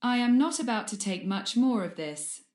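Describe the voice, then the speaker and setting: A woman's voice: a little high, animated, normal speed, darkish tone, close to an everyday voice. A woman voicing a cold, malicious male wizard professor in a fan audiobook, with a sneering manner. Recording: roomy echo.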